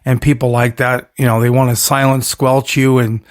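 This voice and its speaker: A man's voice: mid-range voice, little pitch movement, moderate pace. A man hosting his own solo podcast, talking in a rambling, emphatic way with punchy catchphrases and frequent self-corrections. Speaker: podcast host.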